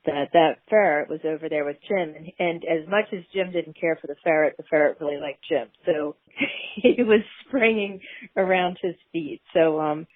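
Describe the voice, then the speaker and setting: A woman's voice: low voice, moderate pace, no echo, narrow, tinny audio. A woman guest telling a personal story in a chatty way, laughing between remarks.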